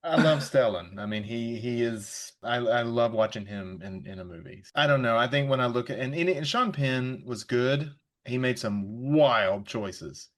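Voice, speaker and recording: A man's voice: medium pitch, moderate pace, few pauses. A man guest on a podcast in casual chat, rambling and restarting his sentences. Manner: rambling, restarts, laughs a lot.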